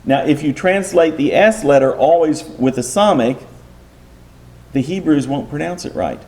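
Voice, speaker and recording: A man's voice: fairly high pitch, moderate pace, darkish tone. A man teaching a Bible class in a lecture style, patiently explaining step by step and posing rhetorical questions to his listeners.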